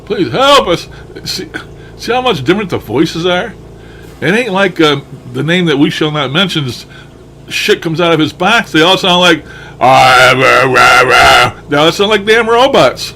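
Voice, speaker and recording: A man's voice: high voice, animated, moderate pace, fairly bright tone, a little hiss or hum. A man casually commenting on his own recordings, musing aloud, chuckling often and swearing now and then. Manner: chuckling, musing, mildly profane. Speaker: paranormal enthusiast reviewing his recordings. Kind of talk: casual commentary over playback.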